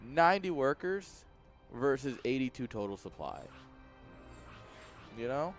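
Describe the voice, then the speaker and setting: Over soft background music, a streamer with a medium-pitched, animated voice casts a strategy game without hurrying, pausing often. He's at home on webcam, chatty and quick to laugh, talking straight to his chat between game calls.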